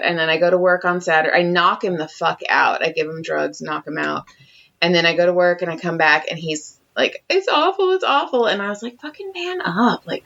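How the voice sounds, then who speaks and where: A woman co-hosting a podcast, telling a story in casual chat with lots of swearing and acted-out quotes. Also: fairly low pitch. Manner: animated storytelling, acting out quotes, heavy swearing. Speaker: podcast co-host. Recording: dull lo-fi sound.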